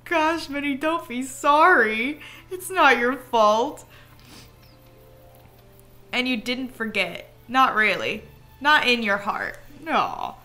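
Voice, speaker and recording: Kind cartoon boy mouse, read out by a woman streamer, slow gentle reassuring, high bright voice. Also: big pitch swings, soft background music, exaggerated voice. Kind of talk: reading game dialogue aloud.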